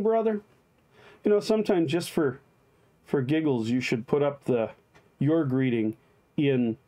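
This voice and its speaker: A man's voice: medium pitch, warm tone. A man, a pastor, leading a live-streamed daily devotion, chatting with viewers by name and reading liturgy aloud.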